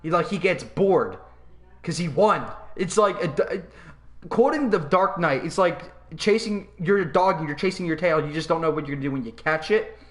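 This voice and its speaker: Host, male, high-pitched, excitable, swears a lot, loose podcast banter. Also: normal speed. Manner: excitable, swears freely, laughs often. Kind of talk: casual chat.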